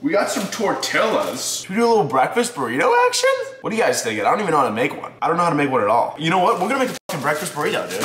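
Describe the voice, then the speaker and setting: A young man chatting casually to his vlog audience at home, excitable and profane, scolding his dog. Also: on the high side, roomy sound, a little hiss or hum. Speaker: vlogger. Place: indoors, home kitchen.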